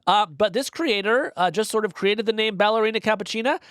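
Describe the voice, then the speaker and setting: A man's voice: high voice, fairly quick, fairly bright tone, clean tone, no echo. A man co-hosting a tech podcast, explaining a trend with dry, teasing humor over a studio mic. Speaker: podcast co-host. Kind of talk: casual chat.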